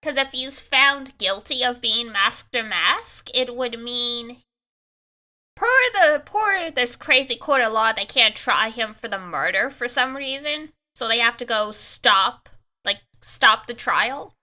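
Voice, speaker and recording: A woman's voice: fairly high pitch, animated, takes it slowly, sharp tone. A young adult woman streamer giving chatty, joking commentary while playing a game, laughing often. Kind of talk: let's-play commentary.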